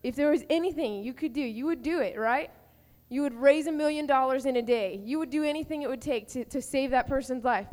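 A young woman with a fairly high voice talks to teenagers with earnest feeling, plainly and informally. Her words ring out through the long reverb of a large camp hall. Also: fairly quick, a little mellow. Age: young adult. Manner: earnest, rising to impassioned cries when acting out prayer. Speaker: youth panel speaker. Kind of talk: informal teaching to teens.

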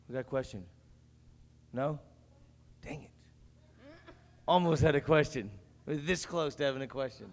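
A man's voice: medium pitch, normal speed, long pauses. A young man moderating a youth panel, upbeat and joking as he asks the crowd for questions. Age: young adult. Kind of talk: casual panel talk with an audience. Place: camp meeting hall. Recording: echoey hall with faint background noise.

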